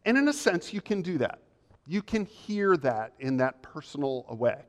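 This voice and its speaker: A male pastor delivers a measured, emphatic sermon full of repeated phrases. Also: a little high, sing-song. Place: church sanctuary. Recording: long reverb of a church hall.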